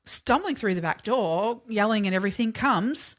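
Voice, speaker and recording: A woman co-hosts a podcast, recounting a true-crime story in a loose, chatty style packed with "like" and casual swearing. Her voice is medium in pitch with lively intonation, and she speaks at a moderate pace.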